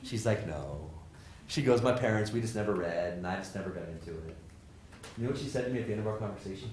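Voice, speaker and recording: A man, a professor, giving a lively motivational talk to students, joking and asking the audience questions. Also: fairly low pitch, a little hiss or hum. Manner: animated, jokey, asks the audience questions. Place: lecture hall with audience. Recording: roomy hall sound.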